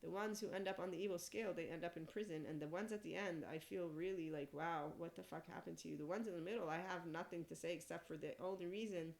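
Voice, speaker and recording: A woman with a notably low speaking voice hosts a solo podcast. She rambles through a casual spiritual monologue, blunt and salty, laughing often between her thoughts. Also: fast, gravelly, hardly any pauses. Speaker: podcast host.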